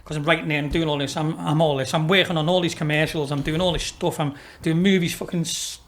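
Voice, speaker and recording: A man talks in a loose, storytelling way on a podcast. His voice sits high for a man, and he swears freely and laughs through his anecdotes. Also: steady tone, quick pace, a little hiss or hum. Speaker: racehorse owner and businessman, podcast guest. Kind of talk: casual storytelling interview.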